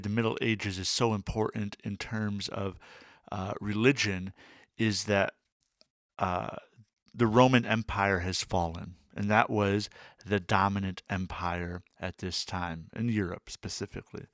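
A man's voice: lowish voice, fairly even intonation, a little slow, fairly bright tone, no echo, clean studio sound. A man co-hosting an educational podcast, explaining history in a loose, chatty way with lots of fillers and asides. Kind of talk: casual educational chat.

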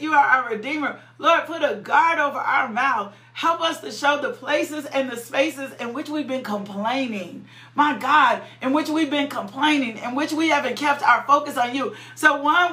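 A woman preaching a sermon, slow and fervent, repeating her phrases, praying aloud and breaking into high cries and laughter. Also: sharp tone, reverberant.

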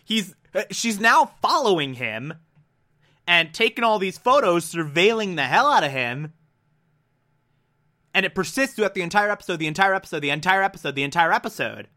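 Excitable male reviewer, high and bright, gushes through a recap. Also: a little fast. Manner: excitable, gushing, repeats words for emphasis, acts out quotes. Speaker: TV episode reviewer. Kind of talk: enthusiastic episode recap.

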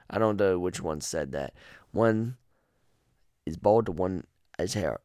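Deep-voiced man ranting casually. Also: lively intonation, slow pace, long pauses, darkish tone, no room sound, clean studio sound. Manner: rambling, profane and jokey. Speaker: podcast host. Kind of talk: casual chat about a horror game.

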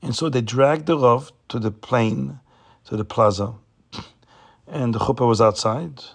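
Raspy, gravelly male storyteller. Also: mid-range voice, measured pace. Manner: informal retelling with fillers.

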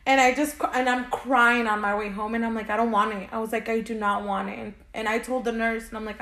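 High-voiced woman telling her story. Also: fast, few pauses. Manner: animated storytelling, acting out quoted lines, laughing; quieter and subdued when recounting the loss. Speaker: podcast co-host. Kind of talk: casual chat, telling a personal story.

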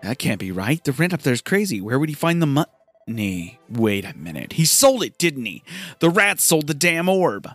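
A man voicing a gruff, vengeful rogue in a game, using a deliberately bad Cockney accent. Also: on the high side, big pitch swings, no room sound, soft background music. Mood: suspicious. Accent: put-on Cockney.

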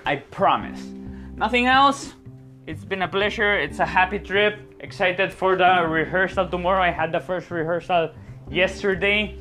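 A man's voice: sits high, steady tone, normal speed, bright, forceful tone, soft background music. A man, a stage actor, chatting casually to his viewers, often repeating words and ending phrases with a questioning "yeah?". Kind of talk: casual vlog chat.

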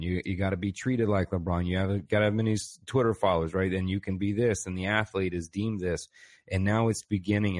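A man who is a podcast guest, talking in a rambling, profane way and laughing often. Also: deep voice. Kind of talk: casual conversation.

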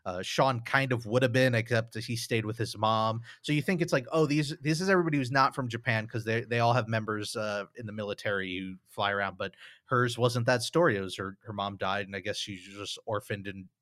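A man's voice: fairly low pitch, steady tone, a little fast, a bit bright, no echo, studio quality. A man co-hosting a podcast, talking through a film in a casual, thoughtful, rambling way with many fillers. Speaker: podcast co-host.

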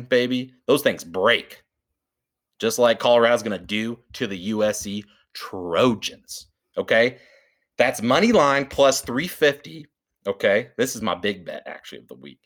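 Loud-mouthed guy on a sports betting podcast, lowish voice, cussing casually. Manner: brash, swearing, calls his co-host baby. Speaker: podcast co-host.

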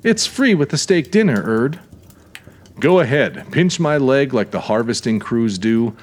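A man's voice: mid-range voice, lively intonation, unhurried. A man voicing a sardonic, teasing young waitress in an audiobook reading. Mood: teasing sarcasm. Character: sarcastic young waitress, woman.

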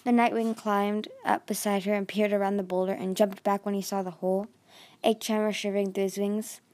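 A woman's voice: medium pitch, flat delivery, brisk, darkish tone. A woman narrating a fantasy novel chapter aloud, often tripping over words and correcting herself. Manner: stumbling, self-correcting reading. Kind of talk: audiobook reading.

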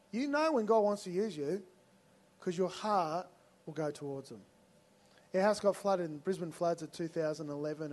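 A man's voice: high voice, a little mellow. An Australian man preaching a sermon, telling personal stories in a conversational way and acting out both sides of the dialogue. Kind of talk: sermon storytelling.

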